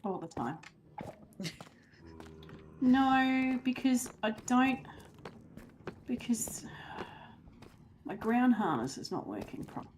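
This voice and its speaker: Slow, teasing higher-voiced woman. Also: sing-song, darkish tone, a little hiss or hum. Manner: teasing, playful. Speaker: fellow player. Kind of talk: casual gaming chat.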